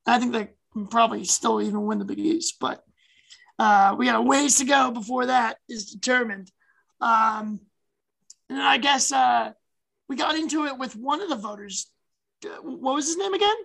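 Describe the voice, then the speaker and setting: A woman's voice: a little high, normal speed, gravelly, fairly bright tone, rough recording. A woman co-hosting a sports podcast, chatting casually and animatedly with plenty of fillers. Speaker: podcast co-host.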